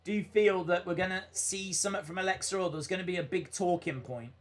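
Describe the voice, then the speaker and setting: A young man with a high-pitched, fast voice is livestreaming a wrestling watch-along. He gives live play-by-play on the moves and reads viewer chat aloud, keeping things casual and dropping "uh" fillers often.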